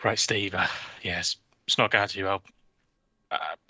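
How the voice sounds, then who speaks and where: A man's voice: sits low, fairly even intonation, a little slow, bright, forceful tone, slightly rough, no room sound, exaggerated voice. A man voicing a club chairman who bluntly tells his manager his time is up. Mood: firm.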